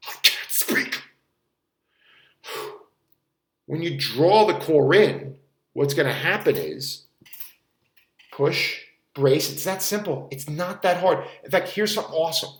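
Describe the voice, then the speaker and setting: A man's voice: a little high, expressive, a little slow. Rambling fitness coach man, echoey room. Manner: rambling, swears casually, demonstrates strained voice while bracing. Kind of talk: casual rambling explainer.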